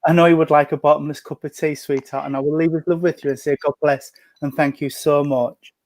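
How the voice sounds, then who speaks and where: A man giving a gentle, chatty mediumship reading at home over a video call, full of endearments. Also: fairly high pitch, little pitch movement, fairly quick, no room sound. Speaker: spiritualist medium. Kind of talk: mediumship reading in an online service. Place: at home at a breakfast table.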